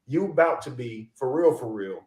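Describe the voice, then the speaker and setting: A man hosting an interview show, talking in an animated, encouraging way. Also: mid-range voice, normal speed, roomy sound. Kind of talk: casual interview chat.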